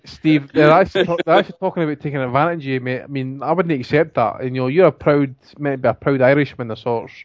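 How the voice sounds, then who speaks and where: A man's voice: mid-range voice, fast talker, few pauses, dry recording. A man hosts a casual chat show, blunt and cheeky, dropping swear words as he banters with his co-hosts. His voice sits mid-range and sounds dry and close. The audio is dull and lo-fi. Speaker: podcast host.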